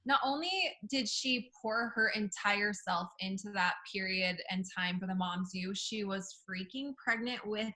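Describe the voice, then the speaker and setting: A woman guest in a casual reunion chat, telling a story with animated enthusiasm. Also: medium pitch, measured pace, hardly any pauses, rough recording. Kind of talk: casual group video chat.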